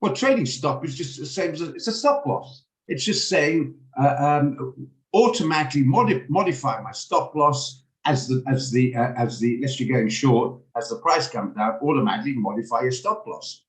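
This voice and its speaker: A man with a hoarse, gravelly voice teaching a live online trading lesson, explaining things patiently and often repeating or restarting words. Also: mid-range voice, expressive, normal speed. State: hoarse, gravelly voice while recovering. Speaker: trading instructor. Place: home room on a video call. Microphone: video call microphone. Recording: echoey room on a video call.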